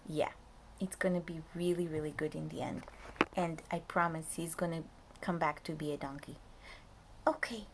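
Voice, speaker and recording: A woman reading a picture book aloud to young children as their preschool teacher, lively and often dropping to a soft whisper to talk to them. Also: lowish voice, normal speed, background noise.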